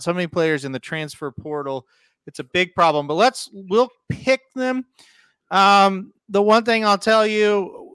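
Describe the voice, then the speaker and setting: A man with a high-pitched voice hosts a casual sports betting show, breezing through picks and throwing questions to his partner. The sound is dry and close, with no room around it. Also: fairly bright tone, smooth, no room sound. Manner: breezy, leads the picks and asks for co-host's take. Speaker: sports betting podcast host.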